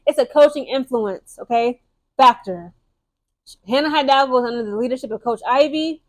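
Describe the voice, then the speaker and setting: A young woman talks straight to her viewers in a casual sports vlog. Her voice sits high, and she drives her points hard, checking in with "okay?" and "guys" as she goes. She talks fast and chatty, restarting and repeating words along the way. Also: darkish tone. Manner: emphatic, keeps tagging lines with "okay?" and "guys". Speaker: sports commentary vlogger. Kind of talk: casual opinionated sports commentary.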